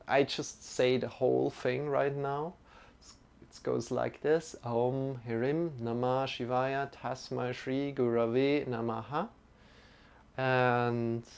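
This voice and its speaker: Slow, creaky-voiced male yoga teacher. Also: mid-range voice. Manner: gentle, encouraging, chatting with viewers between cues. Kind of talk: live-streamed guided yoga and meditation.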